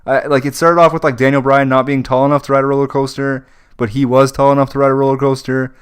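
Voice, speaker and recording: Smooth-voiced young man ranting casually. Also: mid-range voice, level tone, fast talker. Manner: frustrated ranting with frequent fillers. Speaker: podcast co-host. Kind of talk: casual wrestling chat.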